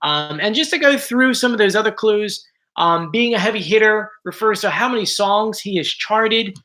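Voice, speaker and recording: Bright chatty man talking on a livestream. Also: sits high, normal speed. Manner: chatty, restarts often, apologetic asides. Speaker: host. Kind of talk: casual livestream commentary.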